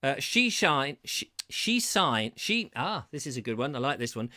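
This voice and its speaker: His mid-range voice is bright and forceful, with lively intonation, normal speed and few pauses. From his terraced house, the English man hosts a live-streamed comedy talk show, rambling over viewer comments and playfully botching tongue twisters.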